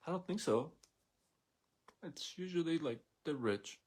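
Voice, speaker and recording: A man's voice: fairly high pitch, expressive, measured pace, pauses often, a little mellow, husky. A man hosting a live show, talking in a blunt, sarcastic, opinionated monologue. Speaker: host of a daily live show. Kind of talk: casual monologue rant.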